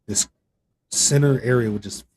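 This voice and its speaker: A man who makes gaming content tells a personal story as a podcast guest, speaking at normal speed in a mid-range, slightly mellow voice over a little hiss or hum. He rambles casually, full of fillers and restarts, and his voice jumps up sharply when he imitates other people.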